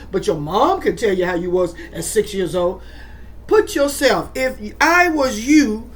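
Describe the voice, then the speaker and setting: A middle-aged woman hosting a podcast, talking in an animated, rambling, preachy way with swooping emphasis. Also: fairly high pitch. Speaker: podcast host. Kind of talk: casual monologue.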